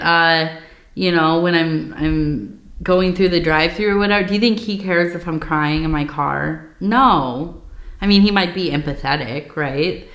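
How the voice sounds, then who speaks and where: A woman giving a tea leaf reading in a soft, reflective, meandering way, with many fillers and pauses. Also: on the low side. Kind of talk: intimate spoken reading. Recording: roomy echo.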